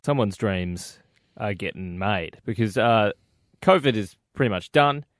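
A man's voice: on the low side, measured pace, no echo, clean studio sound. An Australian man in his thirties co-hosting a breakfast radio show, chatty and laughing as he tells stories. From Western Australia. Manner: chatty, laughing, animated storytelling. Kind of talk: casual breakfast radio banter.

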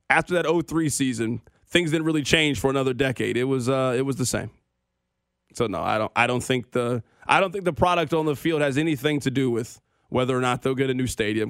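A man's voice: medium pitch, vocal fry, no echo. A man hosting a sports radio show, ranting with opinions and dry sarcasm.

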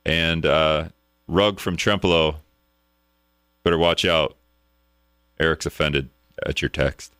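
Casting: radio host, low and bright, wry and casual, dry studio sound. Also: male voice, steady tone, slow, pauses often, clear, resonant tone, dry recording. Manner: wry, casual, chuckles at absurd news. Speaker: radio talk show host. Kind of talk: call-in radio talk, reading news aloud.

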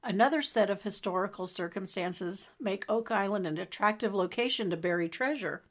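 Woman, mid-pitched voice, podcast co-host, reads aloud, playful teasing asides. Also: moderate pace. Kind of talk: casual chat and reading aloud.

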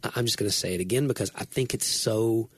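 Husky-voiced man talking faith, earnest and rambling. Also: on the low side, fast, no echo. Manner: earnest, rambling, self-correcting. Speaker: Christian podcast co-host. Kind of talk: casual faith conversation.

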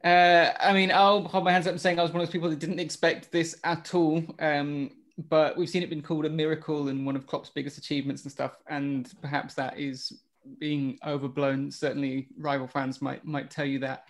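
Flat-toned man hosting a podcast. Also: a little high, brisk. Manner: questioning, steering the discussion. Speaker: podcast host. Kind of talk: casual football podcast chat.

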